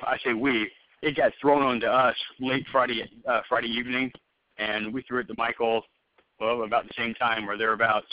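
The medium-pitched voice of a hiring manager comes through muffled phone-call audio, with no room sound, as he interviews a job candidate. He talks loosely, with many fillers and restarts.

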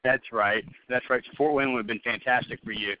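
A man's voice: medium pitch, fairly even intonation, a little fast, dry recording. Casting: man as hiring manager on a call, rambling and casual, dry close sound, slightly dull phone audio. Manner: loose, rambling, many fillers and restarts. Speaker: hiring manager interviewing a candidate. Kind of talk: phone job interview.

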